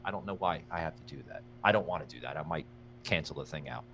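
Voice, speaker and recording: A man's voice: very deep voice, animated, fast talker, a bit bright. A man hosting a livestreamed podcast in a rambling, casual way, thanking viewers by name and plugging merch. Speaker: podcast host.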